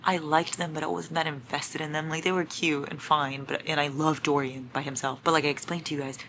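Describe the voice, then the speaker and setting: A woman's voice: deep voice, level tone, brisk, a bit bright, a little hiss or hum. Chatty young woman vlogging at home. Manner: chatty, swearing, dramatic reactions. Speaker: book vlogger. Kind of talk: casual reading vlog. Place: home at night.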